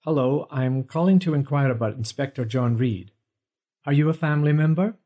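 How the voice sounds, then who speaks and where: An earnest, worried young male singer in a storybook reading, voiced by a man. The tone is mellow and soft-edged. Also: fairly high pitch, moderate pace, voice pushed up, close to an everyday voice.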